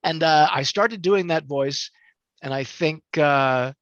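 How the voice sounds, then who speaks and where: A man's voice: a little high, slow pace, fairly bright tone, no echo, lo-fi sound. An older man, a voice actor, chatting animatedly about his work in an interview. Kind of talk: interview storytelling.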